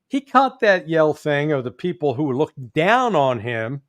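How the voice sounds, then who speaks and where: A man with a Midwestern accent giving political commentary as an interview guest, folksy and animated, chuckling often. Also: fairly high pitch, unhurried, no echo. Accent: Midwestern American. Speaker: guest, former intelligence analyst.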